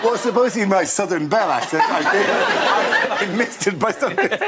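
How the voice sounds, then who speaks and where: A man's voice: high voice, animated, moderate pace, over a noisy crowd. A man hosting a comedy panel show, self-mocking and often laughing at his own lines. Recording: loud studio audience and noise.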